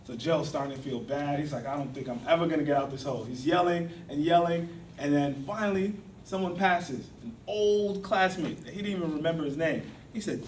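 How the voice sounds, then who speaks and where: A man's voice: on the high side, moderate pace, a little hiss or hum. A man giving a storytelling speech at a speaking club, acting out the voices of the people in his tale. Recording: echoey hall from far off.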